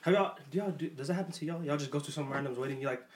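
A young man hosting a podcast, telling a story in a lively, casual way and laughing often. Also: on the high side, rapid-fire. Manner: animated, laughs often while telling stories. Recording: echoey room with faint noise.

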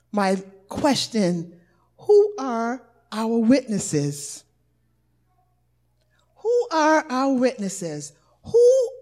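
Woman preacher, high and very animated, slow delivery, builds to shouted exhortation. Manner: rises to shouted exhortation, call-and-response cadence. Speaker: elder preaching. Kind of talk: sermon.

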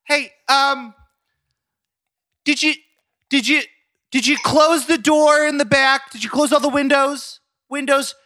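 A woman's voice: steady tone, unhurried, pauses often, sharp tone. A man voicing a fussy, nagging middle-aged mother with a New Jersey accent, firing off questions about the windows. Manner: nagging, shrill, bossy questions.

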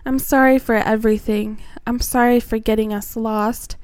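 A woman voicing an older mermaid sister, bossy but caring, with a brisk, reassuring way of talking. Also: fairly high pitch, fairly even intonation, darkish tone, smooth, no room sound, close to an everyday voice.

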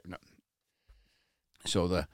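A man's voice: very slow, dry recording, clean studio sound. A man casually telling a personal story, blunt and profane, stammering and repeating words when worked up.

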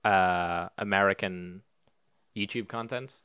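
A man with an Irish accent, co-hosting a casual podcast, teasing and cracking deadpan jokes. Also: low voice, slow, smooth, no echo, studio quality. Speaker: podcast co-host.

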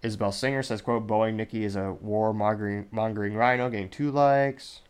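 A man's voice: lowish voice, fairly quick, clean tone. A man hosting a podcast, reading viewer comments aloud in casual commentary with wry, incredulous asides. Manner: wry, incredulous, reads quotes in a flat listing way. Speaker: podcast host.

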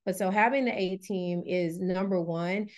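A wellness coach in her thirties appears as a podcast guest, sharing personal stories candidly and with animation. Her voice is fairly low and her pace normal; she laughs often and acts out other people's voices.

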